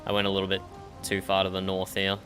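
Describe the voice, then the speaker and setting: A man's voice: low voice, completely flat delivery, fast, a bit bright, faint music behind. An Australian man chatting casually during an online roleplay game, laughing often and repeating his own phrases. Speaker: roleplay streamer.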